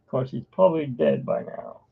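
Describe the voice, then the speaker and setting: Speaking a little fast, a man with a high-leaning, husky voice and vocal fry chats on a live art stream. His talk meanders from subject to subject over tinny, phone-like audio.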